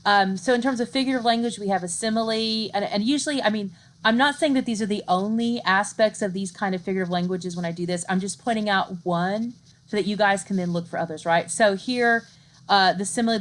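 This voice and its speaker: A middle-aged woman giving a recorded university literature lecture, explaining in a conversational way, often asking "right?" and reading poetry aloud slowly. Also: medium pitch.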